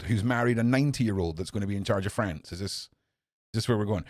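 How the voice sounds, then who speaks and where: A man in his forties hosting a podcast, delivering an angry, profane opinion monologue that swings between low muttering and loud outbursts. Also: quick pace, dry recording, studio quality. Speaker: podcast host.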